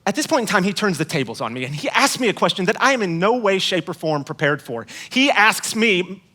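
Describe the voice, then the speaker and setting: A man giving a sermon as guest speaker, telling a story with self-mocking humor and moving between hushed asides and emphatic points. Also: high voice, big pitch swings, a little fast.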